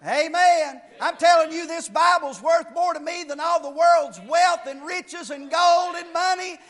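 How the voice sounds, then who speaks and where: A man preaching a fiery sermon, shouting key lines and then dropping low to explain, repeating phrases for emphasis. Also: unhurried.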